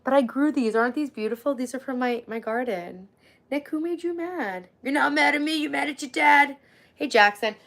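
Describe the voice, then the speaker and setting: A woman's voice: sits high, animated, normal speed, gravelly, fairly bright tone. Woman, forties, casual livestream host, chatty and friendly with viewers, home setup. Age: 40s. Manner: chatty, thanks viewers by name.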